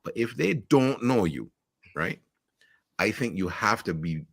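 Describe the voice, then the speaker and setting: A middle-aged man with a Caribbean accent talks frankly, mixing blunt jokes into his stories. His voice is bright and forceful, and his pitch swings widely as he talks. The sound is close and dry, with no room echo. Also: lively intonation, measured pace, gravelly. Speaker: podcast guest, marketing executive. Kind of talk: casual interview chat.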